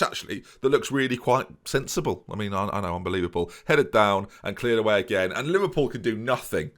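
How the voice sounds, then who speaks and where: A man doing excitable let's play commentary, talking straight to his viewers with mock-boastful swagger. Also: mid-range voice. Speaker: gaming YouTuber.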